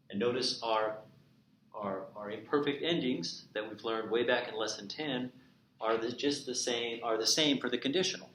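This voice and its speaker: A man's voice: mid-range voice, a bit bright. Man teaching Spanish in an echoey room. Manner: explains slowly, repeats Spanish examples. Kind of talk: recorded remote lecture. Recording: echoey room with faint noise.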